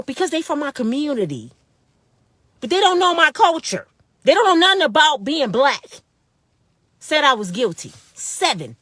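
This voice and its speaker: Fifties woman venting, high voice, emphatic and fed up, dry close sound. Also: fairly bright tone, dry recording. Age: 50s. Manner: emphatic, repetitive, indignant. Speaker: vlogger telling her own story. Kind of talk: impassioned personal monologue.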